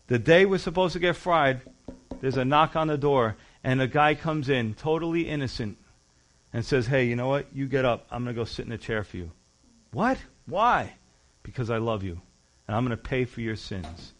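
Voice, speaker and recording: A male pastor preaching a sermon, moving between loud emphasis and quiet, low asides, and acting out quoted voices as he retells the story.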